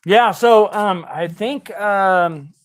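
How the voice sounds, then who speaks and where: Male livestream host, slightly high voice, casual, halting delivery. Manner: halting, full of fillers and restarts.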